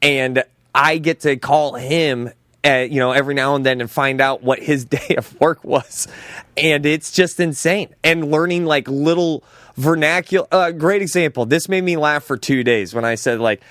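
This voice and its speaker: A man co-hosting a podcast, chatting casually and making quick jokes. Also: a little high, a bit bright, no echo, clean studio sound. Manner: joking quips. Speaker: podcast co-host. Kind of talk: casual chat.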